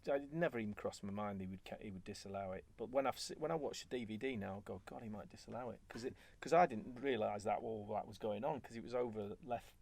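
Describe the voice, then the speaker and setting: A former footballer as a guest, telling stories in relaxed chat and acting out what was said. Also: male voice, lowish voice, quick pace, creaky, few pauses. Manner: animated, acts out quoted remarks. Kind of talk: conversational storytelling.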